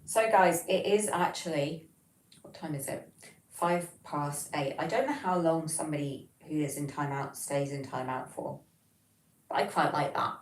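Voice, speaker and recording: A woman with a general Southern English accent hosts a casual livestream, answering viewer messages in a low voice. She talks in a chatty, rambling way. Her voice sounds roomy, as if she is sitting back from the microphone. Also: moderate pace. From England. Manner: chatty, rambling, reads chat messages aloud and answers them. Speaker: livestream host. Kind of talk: casual livestream chat reading viewer comments. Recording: roomy, from some distance off the mic.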